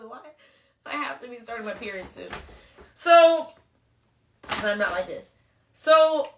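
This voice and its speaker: An emotional woman chatting casually on a phone livestream, gushing as she gives shout-outs to friends. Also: a little high, echoey room, recorded from a distance. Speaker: reality show contestant hosting a livestream.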